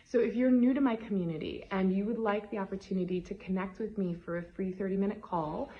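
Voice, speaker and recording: A woman love coach in a motivational vlog, talking straight to her audience. She is gushing and emphatic, keeps asking "right?", and speaks at a mid pitch. The sound is a little dull and lo-fi. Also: steady tone, fast talker.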